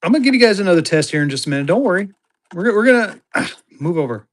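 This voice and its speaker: This is a live online auction seller's quick-fire pitch, loaded with repeated lines. Excitement builds as bids come in, and the voice spikes upward whenever bidding gets hot.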